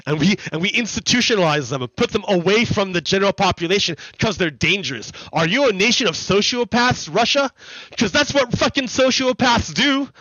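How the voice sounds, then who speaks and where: A man's voice: high voice, bright, forceful tone, no room sound, highs cut off. A man hosting a livestream, ranting heatedly in profane, repetitive commentary. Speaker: livestream host. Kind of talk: ranting commentary during a gaming stream. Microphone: streaming desk mic.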